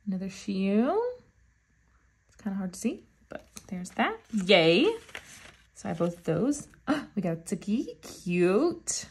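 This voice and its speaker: A woman vlogger unboxing albums in a casual chat, gushing and often gasping with excitement. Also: mid-range voice, slow, slight background noise. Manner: gushing, with frequent excited gasps.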